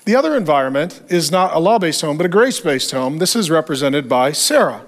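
A man's voice: fairly high pitch, fairly quick, hardly any pauses. A man preaching a sermon, telling stories with energy and acting out what people said. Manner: animated storytelling, acting out quoted voices. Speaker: pastor.

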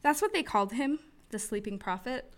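A woman's voice: a little high, very animated, normal speed. A woman hosting a casual talk, explaining at length in a rambling way with frequent fillers and restarts. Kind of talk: casual chat.

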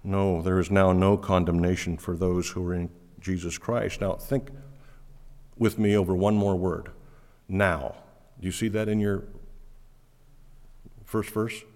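A man's voice: low-pitched, level tone, unhurried, long pauses, darkish tone, long reverb tail. A man preaching a sermon as pastor, emphatic and earnest, repeating words as he drives home each point.

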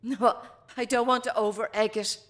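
A woman's voice: a little high, fairly even intonation, normal speed, fairly bright tone, no room sound, lightly acted. An actress in her seventies with an Irish accent playing a fierce, defiant grandmother in prison. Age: 70s. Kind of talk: film drama acting.

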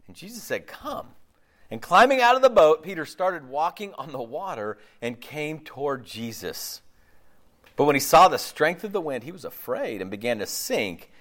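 A man's voice: on the high side, normal speed. A man preaching a casual, conversational sermon, laughing often and breaking off his own sentences. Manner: animated, laughs often, jumps into playful voices; loose, self-interrupting, many fillers.

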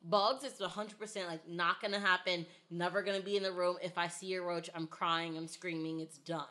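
A woman in casual podcast chat, talking in an animated, emphatic way. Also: lowish voice, a little fast.

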